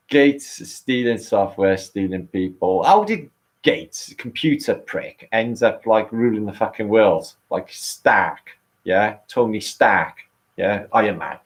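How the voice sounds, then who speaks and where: A man's voice: fairly low pitch, expressive, unhurried. A man with a British accent hosts a livestream, rambling, joking and swearing as he reads out viewer comments. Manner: rambling, swears freely, jokey banter with viewers. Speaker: livestream host. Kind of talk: casual live chat reading viewer comments.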